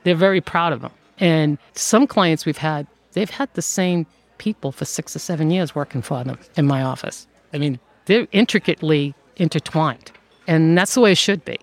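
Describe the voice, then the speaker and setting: A woman who runs an outsourcing firm, telling stories in an interview in a lively way and laughing often. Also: low-pitched, normal speed. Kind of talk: conversational interview storytelling.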